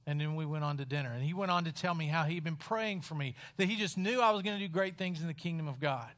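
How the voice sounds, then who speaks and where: A man from West Virginia preaching a sermon in a wry, conversational storytelling style with dramatic pauses. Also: a little high, a bit bright.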